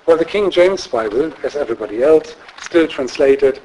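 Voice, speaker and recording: Measured male lecturer with fillers. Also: on the high side, expressive, a little mellow, slight background noise, poor audio. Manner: measured, explanatory, with frequent fillers and tag questions. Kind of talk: academic lecture. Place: lecture room.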